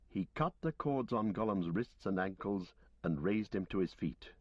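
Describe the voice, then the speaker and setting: A man narrates an audiobook in a steady, even way, his voice sitting low. The recording is dull and lo-fi, dry and close with no room sound. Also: normal speed, slightly rough, no echo. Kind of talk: scripted narration.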